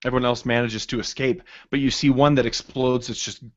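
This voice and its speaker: Dude running a tabletop game, halting, lots of ums, dull dry audio. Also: male voice, mid-range voice, steady tone, dry recording. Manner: halting, many fillers. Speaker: game master.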